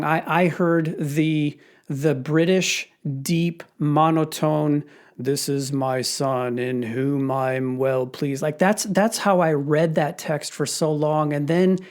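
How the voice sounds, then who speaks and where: A man's voice: fairly high pitch, darkish tone. A middle-aged man hosting a podcast, talking about faith and fatherhood in an earnest, heartfelt way. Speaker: podcast host. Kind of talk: casual faith-based conversation.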